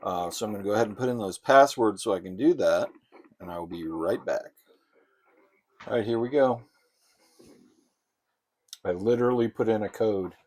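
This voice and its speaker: A man giving casual, sarcastic commentary while playing old console games, with loud outbursts. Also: lowish voice, normal speed, long pauses. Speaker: gamer.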